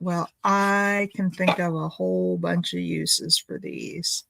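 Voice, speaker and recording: A woman's voice: lowish voice, little pitch movement, takes it slowly, creaky, hardly any pauses, fairly bright tone, no echo, poor audio. A woman making a craft video, chatting in a rambling, thinking-aloud way as she opens gifts at home. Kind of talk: casual chatty unboxing.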